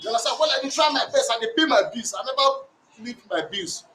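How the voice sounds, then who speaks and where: Nigerian man with a very high voice pleading his side of a family quarrel, rambling and repetitive; distant mic in a roomy space with faint noise. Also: quick pace. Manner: rambling, repetitive, animated storytelling. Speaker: complainant. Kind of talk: recounting a domestic dispute.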